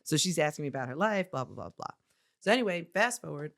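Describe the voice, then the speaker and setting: A woman co-hosting a casual podcast, telling a story. Her voice sits a little low, and she is animated, laughing often and acting out the people in it. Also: fast talker, vocal fry. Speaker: podcast co-host and business owner.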